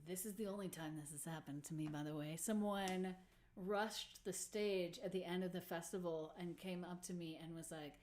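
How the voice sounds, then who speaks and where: A woman's voice: fairly low pitch, moderate pace, darkish tone. A woman musician hosting a casual livestream, chatting with viewers in a self-deprecating way and laughing often. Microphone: computer or phone mic on a livestream.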